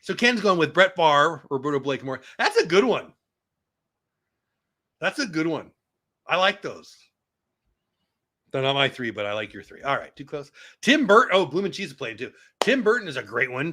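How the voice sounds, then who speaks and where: A man in his fifties hosting a casual live stream, reading viewer comments aloud and reacting with excitable, chatty asides. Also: a little high. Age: 50s. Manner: animated, excitable, talks back to chat.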